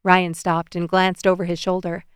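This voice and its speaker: A woman reading a story aloud as an audiobook narrator, with even, measured storytelling. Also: fairly low pitch, clean tone, no room sound, clean studio sound.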